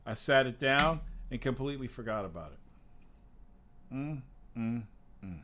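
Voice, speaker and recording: A man's voice: mid-range voice, animated, measured pace, noisy background. A middle-aged man hosting a live show, rambling casually, swearing often and laughing at his own stories. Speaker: host. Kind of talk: casual livestream chat.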